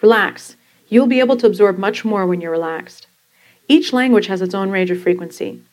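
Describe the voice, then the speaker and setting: A woman and podcast host reading from her own book, explaining language learning in a calm, instructive way. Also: mid-range voice, normal speed, poor audio. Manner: calm, instructive, demonstrating pronunciation.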